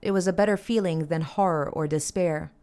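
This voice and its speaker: A woman reads a dark tale aloud in a measured, even audiobook narration. Her voice sits a little low.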